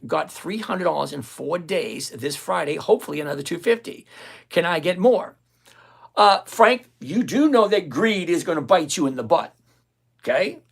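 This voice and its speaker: Here a retired, older host chats directly to the camera during a live investing stream, firing off answers to viewers' comments. The voice is gravelly, middle-pitched, and a bit bright. Delivery is blunt and sarcastic, with phrases repeated over and over to press each point.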